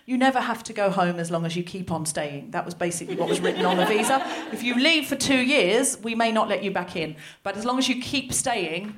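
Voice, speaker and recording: A woman's voice: medium pitch, expressive, fairly quick, hardly any pauses. An Australian woman of about forty doing a stand-up comedy set on a live stage, telling a story with animation and acting out the people she quotes. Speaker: comedian and host. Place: live venue before an audience.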